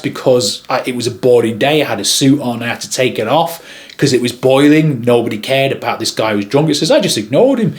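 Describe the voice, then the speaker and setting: A man, a wedding videographer, casually telling work anecdotes and acting out other people's lines in lively voices. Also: mid-range voice. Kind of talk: casual storytelling to camera.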